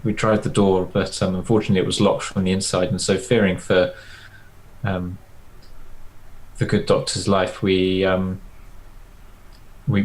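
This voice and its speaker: Halting man speaking in character. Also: low-pitched, rough recording. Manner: halting, filler-heavy. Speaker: player. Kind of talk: in-character tabletop play.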